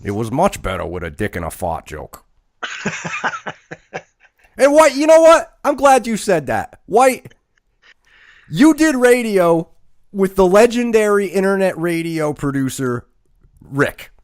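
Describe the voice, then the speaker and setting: A man's voice: high voice, sing-song, unhurried, pauses often, dry recording, studio quality. A man co-hosting a wrestling podcast, ranting mockingly and calling out a critic by name. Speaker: podcast co-host. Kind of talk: casual podcast rant.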